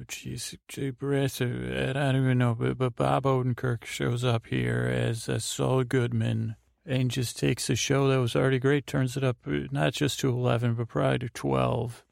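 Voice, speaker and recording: A man hosting a sleep podcast, giving a meandering, halting bedtime recap full of filler sounds. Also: mid-range voice, level tone, gravelly, dry recording, studio quality.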